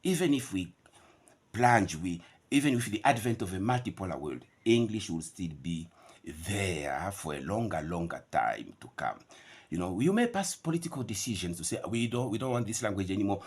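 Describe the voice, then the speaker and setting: Middle-aged male pronunciation teacher, low husky voice, animated lecturing delivery. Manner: repeats words slowly to model pronunciation.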